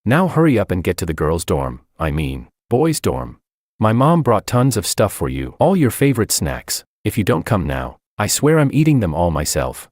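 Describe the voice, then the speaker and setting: A man voicing a flustered young woman, rambling excuses, deep and lively, dry sound. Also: moderate pace, no room sound, full character voice. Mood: nervous.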